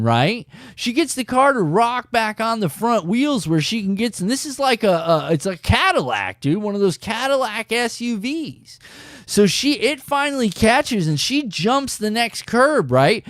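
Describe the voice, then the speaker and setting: Animated man telling a wild story. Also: very high-pitched, dry recording, studio quality. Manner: animated and emphatic, keeps saying "dude". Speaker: fishing channel host. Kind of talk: casual storytelling to viewers.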